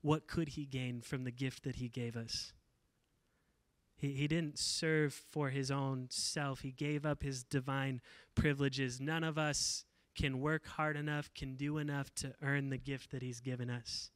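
A man's voice: mid-range voice, steady tone, measured pace, dry recording. A male pastor preaching a casual, storytelling sermon, talking conversationally with frequent fillers and restarts.

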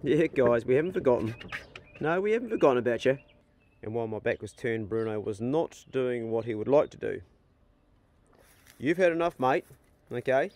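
A man's voice: mid-range voice, a little fast, darkish tone. A man, casually vlogging outdoors on his rural property and coaxing his dogs and ducks in a sing-song voice. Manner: easygoing, chatty, coaxing animals in a raised sing-song voice. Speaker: vlogger feeding his dogs and farm animals. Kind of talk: casual outdoor vlog, talking to animals. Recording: music playing behind the voice.

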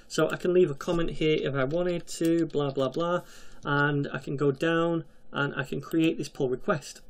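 Tutorial host, male, slightly high voice, casual chatty walkthrough with quick jokey asides. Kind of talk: screen-recorded coding tutorial.

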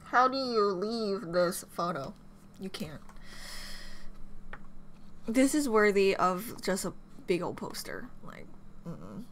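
A woman's voice: mid-range voice, sing-song, slow pace, long pauses, slight background noise. A young woman reacting as a fan, gushing, gasping and squealing, often repeating herself. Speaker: K-pop reaction vlogger. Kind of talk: excited fan reaction commentary.

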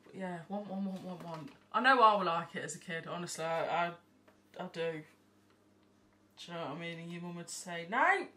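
Bright-voiced chatty woman. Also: on the low side, steady tone, moderate pace. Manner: rambling, chatty, swears freely. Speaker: vlogger. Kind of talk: casual haul vlog chat. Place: at home by an open window. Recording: distant mic, faint background noise.

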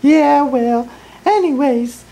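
A woman's voice: high voice, slow, gravelly, warm tone, full character voice, rough recording. A woman voicing a bossy, sassy young village princess in an improvised comedy skit. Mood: storytelling. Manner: sassy and snappy.

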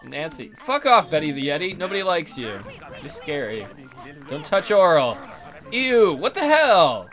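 A man's voice: on the high side, sing-song, measured pace, fairly bright tone, faint music behind. A man hosting a let's play, chatting casually and joking crudely about his game characters.

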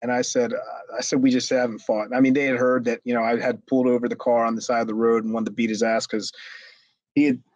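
A man's voice: mid-range voice, little pitch movement, fast, a little mellow, no room sound, highs cut off. A man, a former wrestler, telling a long backstage story in a rambling way with many restarts. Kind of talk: storytelling interview.

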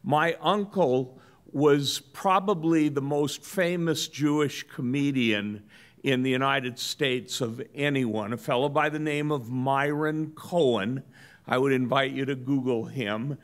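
Unhurried, good-humored male lecturer. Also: medium pitch. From Southern California. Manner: measured, good-humored storytelling. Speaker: guest lecturer. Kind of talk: business lecture.

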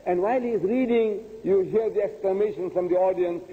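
An older male preacher gives an emphatic religious lecture, repeating his points and posing rhetorical questions to the audience. His voice sits high and runs a little fast, and the audio sounds tinny and phone-like in a hall with long reverb.

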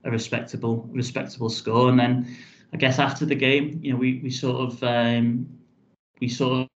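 Flat-voiced man telling a story, lo-fi. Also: medium pitch, moderate pace. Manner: rambling, restarts phrases, frequent "um" and "you know". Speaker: football club chief executive. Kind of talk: casual storytelling in a podcast interview. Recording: dull lo-fi audio.

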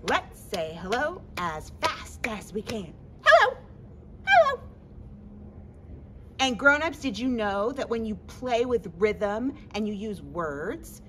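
A woman hosting a children's story-time, playful and exaggerated for young listeners. Her voice is bright and sharp, and it swoops widely up and down. She takes her time, speaking slowly inside an empty library. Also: mid-range voice, a little hiss or hum. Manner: sing-song, exaggerated and playful for kids.

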